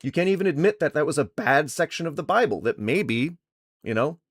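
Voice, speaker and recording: A man streaming live, arguing heatedly with chat, swearing and lecturing, his voice going hoarse from shouting. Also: fairly high pitch, animated, fairly quick, no room sound, clean studio sound. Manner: angry, profane, lecturing. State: losing his voice. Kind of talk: heated livestream argument.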